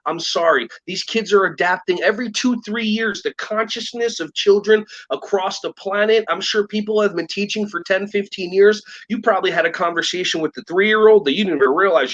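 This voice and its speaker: A man's voice: high-pitched, highs cut off. A man from the United States talking eagerly in an interview about children's behavior, acting out kids and teachers as he goes. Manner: animated, acts out kids and teachers in quoted voices. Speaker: guest, behavior trainer for preschool teachers. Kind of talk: enthusiastic interview talk.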